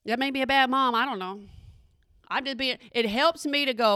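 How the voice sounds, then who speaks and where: A woman's voice: sits high, moderate pace, pushed and bright, no room sound, studio quality. A middle-aged woman, talking casually and playfully to her audience and asking them questions. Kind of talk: casual comedic talk to an audience.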